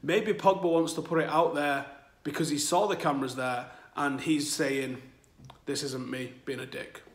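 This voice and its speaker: A man's voice: on the high side, fairly even intonation, moderate pace, echoey room. A man hosting a football channel, talking candidly to his audience from home and swearing freely. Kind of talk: casual monologue to camera. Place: at home, new flat.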